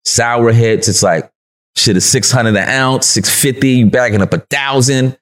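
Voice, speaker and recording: A man's voice: medium pitch, moderate pace, fairly bright tone. A man from New York with a New York accent, a podcast guest telling stories in slangy, laid-back casual talk and laughing often. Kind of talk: casual interview storytelling.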